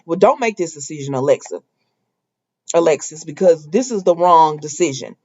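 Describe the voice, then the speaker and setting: A woman's voice: deep voice, lively intonation, moderate pace, a little mellow. A woman casually recapping a soap opera episode, retelling scenes in quoted dialogue with her own asides. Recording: dull lo-fi sound.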